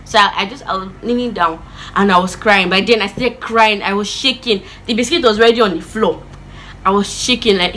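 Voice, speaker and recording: A young woman with a Nigerian accent telling a dramatic storytime vlog, animated and expressive, slipping in pidgin words. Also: fairly high pitch, fairly quick, slight background noise. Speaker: vlogger.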